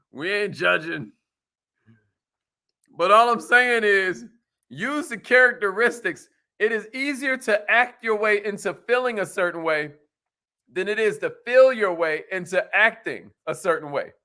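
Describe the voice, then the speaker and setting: A man hosting a motivational talk, energetic and playful, with slangy banter aimed at a live audience. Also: high voice, measured pace. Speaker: motivational show host.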